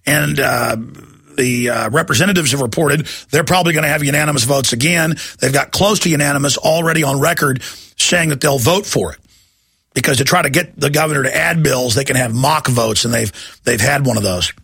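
A man's voice: mid-range voice, brisk, vocal fry, fairly bright tone, breathy edge, dry recording, clean studio sound. A male talk show host delivering a combative, sarcastic political monologue in a ranting manner.

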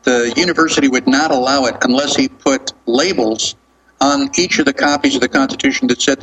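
A man speaking as a guest on a radio show, explaining in a measured way. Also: mid-range voice, fairly bright tone, a little hiss or hum, rough recording.

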